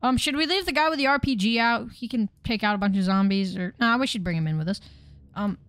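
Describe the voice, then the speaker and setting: A woman chatting through a game, excitable and tripping over her words. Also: fairly high pitch, fast, no room sound. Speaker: gamer. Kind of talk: casual game commentary.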